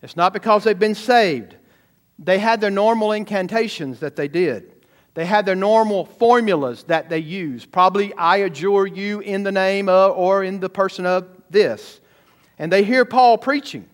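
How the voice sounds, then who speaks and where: A man preaching a sermon as pastor, animated and talking straight to the congregation. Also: sits high, moderate pace. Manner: animated preaching, sudden shouts and asides to the congregation.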